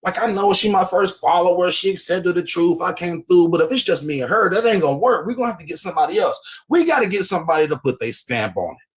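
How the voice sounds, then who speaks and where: A man's voice: high voice, animated, fast. A man doing a rattled, slangy young man. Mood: boastful. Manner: slangy, breathless, pleading. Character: frightened young man, rambling and excitable.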